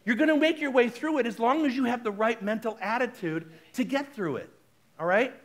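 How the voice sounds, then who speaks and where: High-voiced man preaching a lively sermon. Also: fairly quick. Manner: conversational, animated, talks straight to the congregation. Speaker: minister. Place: spiritual center service.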